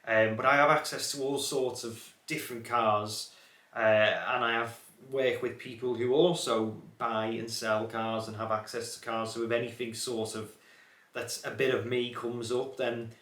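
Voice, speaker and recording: A man's voice: medium pitch, steady tone, measured pace, a bit bright. Young man with a light Scouse accent. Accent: watered-down Scouse. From Liverpool area, England. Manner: rambling, many fillers and restarts. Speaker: car channel host. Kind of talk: casual reflective chat to camera. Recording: echoey room.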